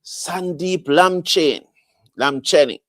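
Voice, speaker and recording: A man giving repetitive, animated live fan commentary on a cricket match. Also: a little high, slow, no echo, studio quality.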